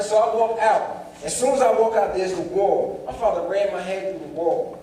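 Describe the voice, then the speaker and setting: A young motivational speaker tells a story to a seminar crowd in a fairly high, lively voice at a moderate pace, acting out the characters' dialogue and addressing the audience directly. His animated delivery booms through a large, very reverberant performing arts hall. It was picked up by a distant mic, with faint ambience and slight background noise.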